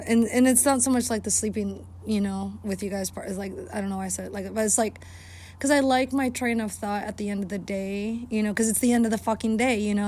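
A woman with a mid-range voice hosts a casual podcast while walking her dog outside at night. She rambles, swears heavily, and sometimes yells at the dog.

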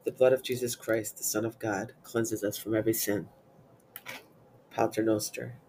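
A man with a fairly low voice recites psalms and prayers in an even, measured cadence. His reading is unhurried and devotional. A faint hiss sits under the recording. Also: rough recording. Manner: steady measured chanting-like recitation. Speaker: prayer reader.

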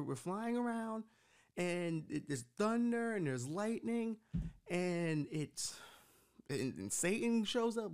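A man's voice: high-pitched, a little mellow, smooth. A young man with a New York accent, going on a rambling, profane comedic rant as a podcast host. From United States.

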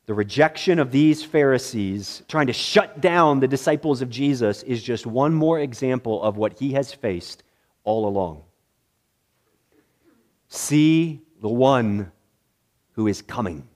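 Delivering a sermon in a mid-range voice, this male pastor moves from loud excitement to quiet, somber moments and back, deliberately repeating phrases.

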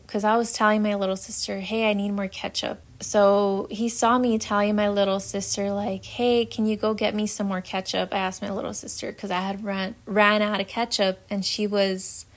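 A young woman talks through a personal story on her faith podcast. Her delivery is candid and conversational, full of "like" and "um" as she gathers her thoughts. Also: mid-range voice. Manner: candid and chatty, many fillers like "like". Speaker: podcast host.

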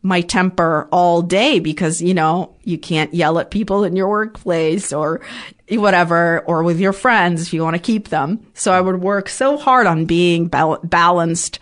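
A woman's voice: fairly low pitch, a little slow. A woman from Ukraine, a podcast guest, telling personal stories candidly and swearing freely. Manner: frank, swears freely, acts out her past outbursts. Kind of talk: candid conversational storytelling.

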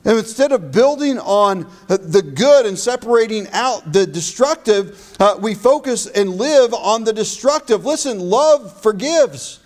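A male pastor preaching a sermon, stressing key phrases emphatically and slowing down on them. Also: high-pitched, animated.

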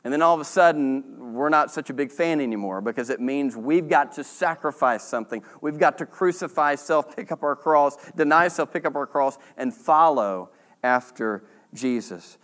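Earnest male preacher, fairly high voice. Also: fairly quick, hardly any pauses. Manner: earnest, repeats key points for emphasis; lively, rises in pitch and volume when pressing a point. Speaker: pastor. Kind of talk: sermon.

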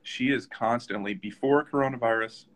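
A man's voice: mid-range voice, normal speed, fairly bright tone, poor audio. A man hosting a casual live-stream chat, talking loosely with lots of fillers and tag questions. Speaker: host.

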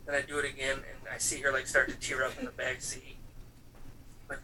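A man's voice: medium pitch, completely flat delivery, a little fast, sharp tone, slight background noise. A man in his thirties telling loose, profane stories in a casual chat, acting out quotes and padding with fillers. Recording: voice picked up from some distance, faint room ambience.

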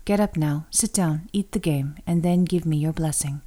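Woman reader doing a young deceiver son, careful and coaxing, mellow low voice. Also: moderate pace.

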